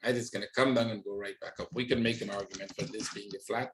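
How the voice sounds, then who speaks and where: A man's voice: fairly low pitch, steady tone, very fast, slight background noise. A man hosting a trading webinar, walking through charts on screen and checking in with listeners with frequent "right?". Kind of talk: live screen-share market analysis.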